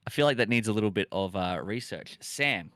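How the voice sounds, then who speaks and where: A man's voice: lowish voice, animated, a little fast, fairly bright tone, dry recording, clean studio sound. A young man streaming live, chatting with a friend and reading chat aloud, laughing often.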